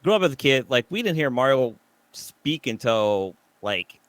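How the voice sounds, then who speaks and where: A man's voice: mid-range voice, sing-song, moderate pace, a bit bright, no echo. A man co-hosting a casual podcast chat, rambling with lots of fillers as he explains things. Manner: rambling, filler-heavy storytelling. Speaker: podcast co-host.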